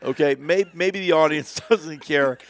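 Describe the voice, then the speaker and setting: A man's voice: a little high, a little slow, a crowd in the background. A man hosting a casual talk show, telling a long story with lots of laughter and acted-out quotes. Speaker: podcast host.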